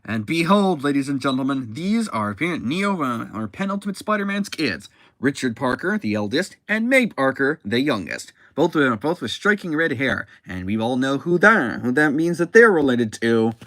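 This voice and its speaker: A man casually reviewing a comic book, talking in a halting way with frequent restarts and self-corrections. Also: medium pitch, very animated, a bit bright, dry recording.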